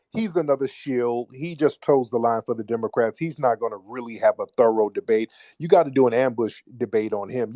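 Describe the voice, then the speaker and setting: A man's voice: mellow, dry recording. Blunt, mocking male talk host. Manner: blunt and mocking, with pitched-up sarcastic asides. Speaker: show host. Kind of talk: live call-in commentary.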